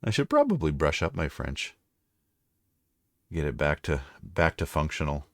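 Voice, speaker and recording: A man's voice: rumbling low, wildly swooping pitch, moderate pace, fairly bright tone, no room sound, studio quality. A Canadian man chatting casually on a live stream, rambling and chatty, now and then slipping into French. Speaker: livestreamer and voice-over narrator.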